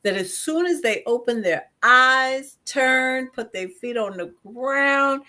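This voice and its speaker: A Brooklyn-accented woman co-hosting a casual talk show. Her voice sits high and swoops with lively, animated pitch. She talks playfully, often acting out other people. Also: slow. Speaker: co-host. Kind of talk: casual chat.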